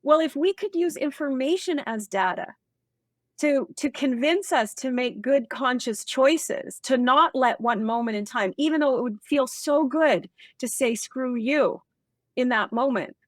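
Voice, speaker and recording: A woman speaking as a guest expert in a casual interview, animated and emphatic, acting out bits of office dialogue. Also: high-pitched, a little slow, no room sound, clean studio sound.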